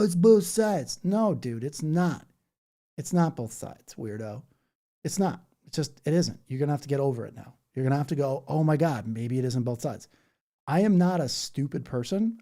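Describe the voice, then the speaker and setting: A man's voice: on the high side, warm tone. A man live-streaming and reading chat aloud, blunt and argumentative, throwing in "bro" and "dude.". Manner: blunt and argumentative, slips into mocking voices; says "bro" and "dude" a lot.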